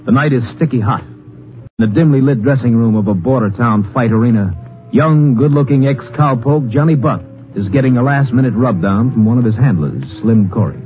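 A man narrating a 1950s radio drama in a terse, measured way. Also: mid-range voice, lo-fi sound. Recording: old radio broadcast over music.

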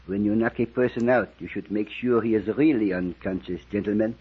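Formal menacing waiter, husky voice, stiffly polite, old lo-fi radio recording. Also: male voice, on the low side, fairly quick. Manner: stiff, overly polite, keeps saying "gentlemen". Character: suave formal male gangster waiter, cool and menacing. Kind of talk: 1940s radio acting.

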